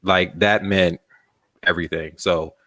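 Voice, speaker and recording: A man with a very low voice tells a story as an interview guest, loose and casual, with a swear here and there. The sound is dry and close, with hardly any room around it. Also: steady tone, a little slow, fairly bright tone, dry recording. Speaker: magazine founder, guest.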